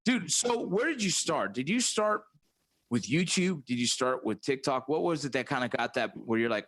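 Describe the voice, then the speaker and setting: A man's voice: medium pitch, animated, moderate pace, fairly bright tone. A man hosting a casual chat, talking loosely and swearing, often saying bro and dude. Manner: loose, profane, calls people bro and dude. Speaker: host.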